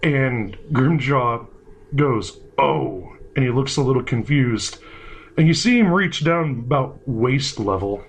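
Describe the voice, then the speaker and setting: A man's voice: medium pitch, expressive, unhurried, slight background noise. A man running a tabletop game as game master, narrating casually with swearing and loose asides. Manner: casual, swearing, rambling with fillers.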